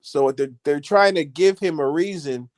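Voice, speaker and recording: A man with a slightly high voice gives his honest take on his club in a calm, measured way. His voice sounds dry and close. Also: dry recording. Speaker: podcast co-host. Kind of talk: casual football chat.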